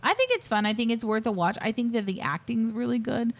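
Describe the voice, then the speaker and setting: A woman's voice: a little high, fast. A woman co-hosting a podcast, chatting casually about a film and retelling scenes with a joking tone. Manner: joking, retells scenes with quoted lines and laughter. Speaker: podcast co-host. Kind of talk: casual movie review chat.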